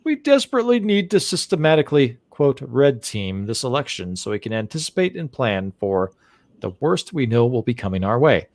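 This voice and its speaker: A man hosting a live chat show reads a news article aloud, then drifts into indignant, rambling commentary full of restarts. His voice sits at an ordinary middle pitch. The sound is close and dry, with no room around it. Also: sing-song, fairly quick, dry recording. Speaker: podcast host.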